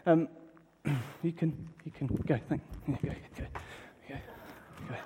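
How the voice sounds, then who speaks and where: A man giving a lively children's talk at a church service, acting excited with gasps and questions to the audience. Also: fairly high pitch, takes it slowly, pauses often, noisy background. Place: church hall. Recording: long reverb in a large hall, from a distance.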